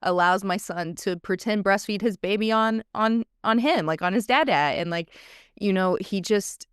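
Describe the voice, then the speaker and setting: A woman's voice: mid-range voice, normal speed, clean tone, no room sound, clean studio sound. A woman co-hosting a podcast, talking in a passionate, emphatic way and repeating phrases to drive points home. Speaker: podcast co-host. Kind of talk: casual podcast chat.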